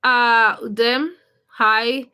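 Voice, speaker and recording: Bright-voiced Ugandan woman greeting viewers. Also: a little high, fairly even intonation, very slow, clean tone. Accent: Ugandan English. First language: a Ugandan language. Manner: greets viewers by name one after another, chatty. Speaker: livestream host. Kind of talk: casual livestream chat reading comments.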